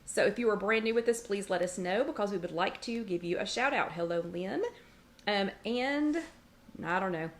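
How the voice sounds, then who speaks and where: A chatty middle-aged woman hosts a casual livestream chat from her kitchen. She greets viewers one after another by name and reads out their comments. Now and then she breaks off to scold her dog. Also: on the low side. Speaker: host of a weight-loss support livestream. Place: home kitchen.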